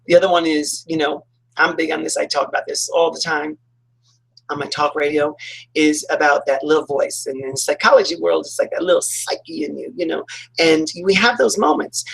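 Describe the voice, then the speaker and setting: A man's voice: a little high, fairly even intonation, normal speed, vocal fry, fairly bright tone, breathy edge, low-quality recording. A man, a talk radio host, giving a chatty motivational self-help talk with lots of fillers and acted-out reactions. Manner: chatty, acts out quoted reactions, many fillers.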